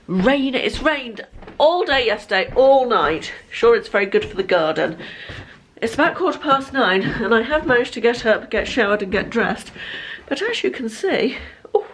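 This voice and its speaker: A woman in her fifties talks straight into her own camera at home. Her chat rambles along in a relaxed vlog style, full of small asides and self-deprecating remarks. Her voice sits at an ordinary middle pitch for a woman. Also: slight background noise. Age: 50s. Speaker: lifestyle vlogger. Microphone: handheld camera.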